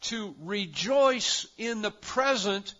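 A man preaching a sermon, building to loud emphatic repetitions and then dropping to quiet, low stretches. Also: animated, takes it slowly, muffled recording. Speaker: pastor.

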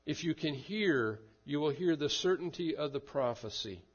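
A man preaching a sermon and leading a prayer, with slow, measured delivery and repeated refrains. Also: on the high side, animated, breathy edge, muffled recording. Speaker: pastor.

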